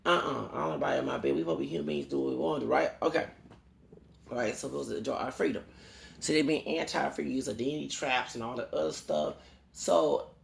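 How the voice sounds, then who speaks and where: Gravelly man ranting in an echoey room. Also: mid-range voice, a little fast. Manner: rambling and preachy, quoting Bible verses and asking "okay?". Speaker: YouTuber. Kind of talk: ranting vlog monologue. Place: home in Houston.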